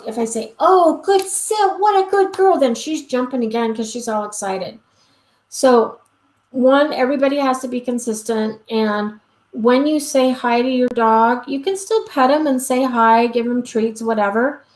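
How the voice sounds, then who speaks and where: A woman with a somewhat high, steady, darkish voice speaks at a moderate pace. She's a dog trainer fielding questions in a casual live Q&A, chatty and full of "um"s, acting out quoted exchanges. The recording has a roomy echo.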